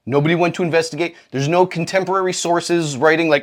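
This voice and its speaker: A man's voice: fast talker, hardly any pauses. A man co-hosting a comedy podcast, retelling old stories in a profane, irreverent way and jumping into quoted voices. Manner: profane, animated, acts out quoted characters with big pitch jumps. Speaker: podcast co-host.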